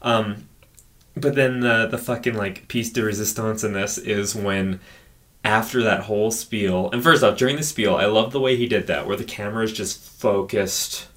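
A man in casual conversation, picking apart a film with an animated, profane delivery that slows down to stress key points. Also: on the low side. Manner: animated, profane, drawn-out emphasis.

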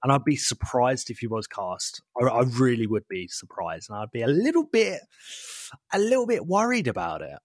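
A man co-hosting a casual chat, animated and calling his friend "mate" a lot. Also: medium pitch, moderate pace, dry recording, clean studio sound. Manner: animated, says "mate" often, many restarts. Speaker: podcast co-host.

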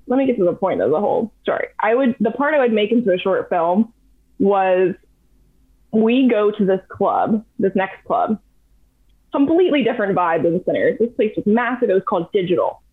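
A young adult woman telling a long story in casual, animated chat, full of fillers. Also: medium pitch. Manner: chatty, animated, heavy use of "like". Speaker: podcast guest. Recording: tinny phone-like audio.

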